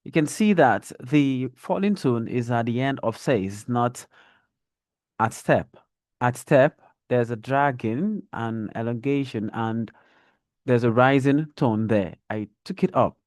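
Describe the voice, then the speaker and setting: Male reading teacher, unhurried and careful, models intonation, dry close sound. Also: medium pitch, a little mellow, no room sound. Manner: slow, deliberate, demonstrates intonation. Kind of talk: online reading lesson.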